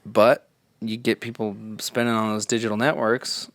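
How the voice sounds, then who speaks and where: Low-voiced man in loose gaming chat. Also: moderate pace, dry recording. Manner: rambling, animated, swears, puts on voices for quoted people. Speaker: podcast co-host. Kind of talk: casual chat.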